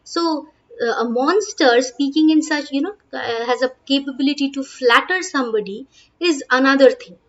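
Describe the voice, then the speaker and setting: The recording is muffled, carrying a high-pitched woman's voice with an Indian English accent at a moderate pace. She teaches a play by reading each line aloud and explaining it in simple words, with frequent "uh" and "okay."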